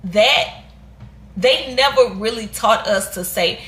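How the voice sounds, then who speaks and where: A woman's voice: fairly high pitch, slow, sharp tone. Earnest woman in an echoey room. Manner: candid and rambling, with restarts and Southern US American slang. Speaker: vlogger. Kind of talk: sit-down reflective talk.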